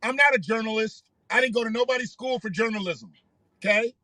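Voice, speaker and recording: A man with a high, piercing voice talks straight into a close microphone in a dry, dead-sounding space. He rambles through casual live-stream commentary, swearing freely and circling back to repeat his points. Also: fairly quick, sharp tone, no echo. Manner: rambling, profane, repeats himself. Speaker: livestream host.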